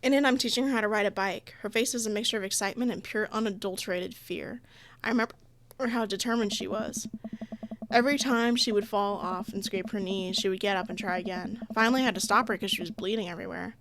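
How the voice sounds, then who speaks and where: A woman's voice: mid-range voice, fast talker, fairly bright tone, slight background noise. A young woman playing a dating game, chatting casually, reading the story aloud and laughing often. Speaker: let's play gamer.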